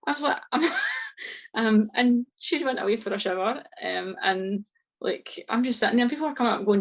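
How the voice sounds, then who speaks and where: A woman's voice: on the high side, fairly quick. A woman with a Scottish accent, an author chatting as a podcast guest, telling a story with lots of laughter and acted-out quotes. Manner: lively, laughs often, acts out quoted exchanges. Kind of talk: casual storytelling chat.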